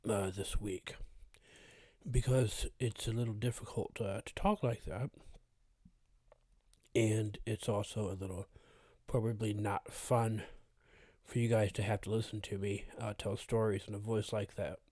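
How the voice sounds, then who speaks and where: Mellow-voiced man, slightly rough, chatting. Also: lowish voice, a little slow, long pauses, dry recording, studio quality. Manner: relaxed, greets chat viewers by name, frequent uh fillers. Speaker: horror story channel host. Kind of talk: casual live stream chat.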